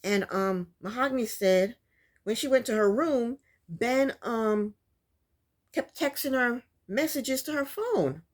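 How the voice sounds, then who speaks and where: A woman's voice: on the high side, lively intonation, slow. A woman vlogger recapping a reality TV episode in casual, opinionated commentary, exasperated and loose, with frequent restarts. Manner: loose, full of restarts and fillers.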